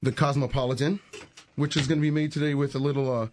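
A man with a booming voice, a guest on a radio show explaining a liqueur and its history. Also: little pitch movement, quick pace, darkish tone, slight background noise. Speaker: spirits brand educator.

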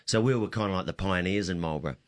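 A man's voice: low voice, fast, no room sound. A man in his fifties with a New Zealand accent, an easygoing winemaker chatting as a studio guest. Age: 50s. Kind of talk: casual radio chat.

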